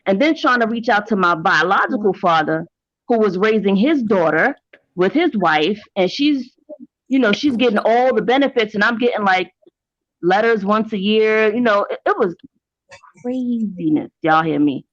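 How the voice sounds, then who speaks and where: A woman's voice: mid-range voice, lively intonation, moderate pace, dry recording, lo-fi sound. A woman speaking frankly and with emphasis on a panel, in candid casual chat with some profanity.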